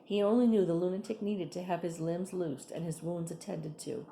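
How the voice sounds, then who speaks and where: Brief: woman reading a chapter book aloud, low dark voice, unhurried with friendly asides. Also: fairly even intonation, creaky, reverberant, a little hiss or hum. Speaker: reader.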